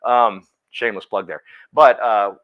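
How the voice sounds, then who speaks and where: A man's voice: on the low side, fairly even intonation, measured pace, narrow, tinny audio, noisy background. A man giving a motivational talk at a team meeting, speaking emphatically and calling on listeners by name. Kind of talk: motivational talk to a live audience.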